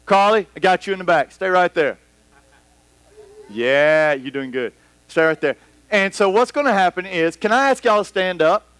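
A man preaching a sermon to a congregation in a church hall, animated and rambling, acting out scenes as he goes. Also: sits high, moderate pace, clean tone. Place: church hall with about a hundred people. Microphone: microphone.

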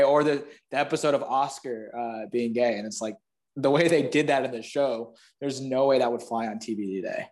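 A man's voice: mid-range voice, quick pace, a little mellow. A man talking as a guest physical therapist in a casual podcast chat, rambling and filling his sentences with "like". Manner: rambling, heavy use of "like".

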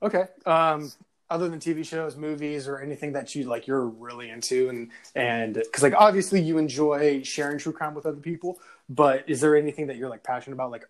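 A man's voice: on the high side, fairly quick. A man co-hosting a casual podcast, telling crude stories full of swearing and laughter. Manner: animated storyteller, swears a lot, laughs often. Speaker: podcast co-host.

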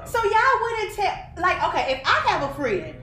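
Lively, emphatic woman hosting a podcast. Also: very high voice, moderate pace, faint music behind. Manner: lively, emphatic, arguing with laughter. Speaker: podcast host. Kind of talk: casual chat. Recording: echoey room, faint noise.

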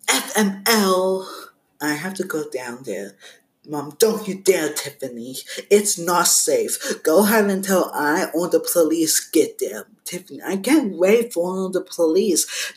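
A man reads a text-message horror story at an unhurried, steady pace, naming each sender before every message. Now and then he drops the script to chat casually with his listeners. He records at home on a simple headset mic. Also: high-pitched. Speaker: podcast host reading message stories. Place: at home with household noise around.

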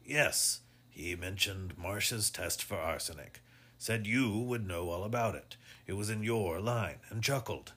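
A man voicing an old sea captain, uneasy and stiff, quick to grumble. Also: fairly low pitch, a bit bright, breathy edge. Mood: gruff. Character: old male sea captain, cautious and easily irritated.

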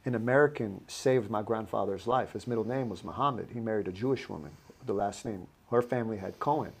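A man hosting a casual podcast, talking in halting bursts with frequent restarts. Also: lowish voice, creaky, slightly rough. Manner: halting, restarts his sentences. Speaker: podcast host.

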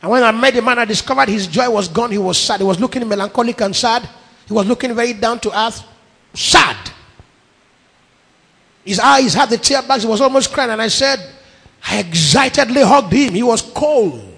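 A man's voice: very high-pitched, moderate pace, vocal fry, a bit bright, husky. A middle-aged man with a Nigerian accent preaching a sermon, emphatic, piling up repeated phrases. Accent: Nigerian English. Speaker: pastor. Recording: long echo of a large hall.

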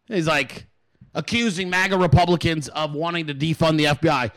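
A man hosting a political show, ranting in heated, profane commentary and repeating words for emphasis. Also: fairly quick. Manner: swings in pitch and loudness.

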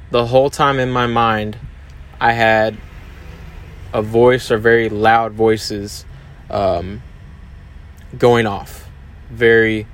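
Low-voiced man opening up on a podcast. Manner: hesitant, many fillers and restarts, open and confessional. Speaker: podcast host. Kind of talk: candid solo podcast monologue.

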